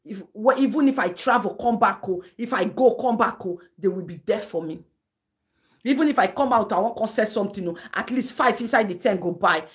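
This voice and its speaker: A woman's voice: mid-range voice, brisk. A Nigerian woman hosting a live-stream gossip commentary, lecturing and scolding in a chatty way, laughing between her points.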